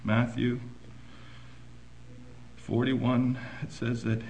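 A man preaching a sermon, swinging between hushed, low passages and loud, emphatic bursts. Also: flat delivery, drawn-out words, echoey room, slight background noise, low-quality recording.

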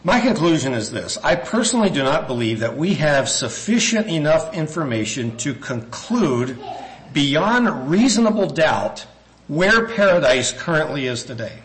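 Man, preacher, sermon, rather high voice, very lively pitch, reads verses aloud, restarts mid-thought. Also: normal speed, poor audio. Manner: reads scripture aloud, thinks aloud with restarts and asides.

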